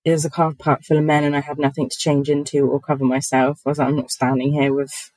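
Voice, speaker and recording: Guest spot: low-pitched woman, chatty and giggly, dry close-mic sound. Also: little pitch movement, fast talker, a little mellow, no echo, low-quality recording. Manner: giggly, chatty, many fillers. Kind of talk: casual podcast chat.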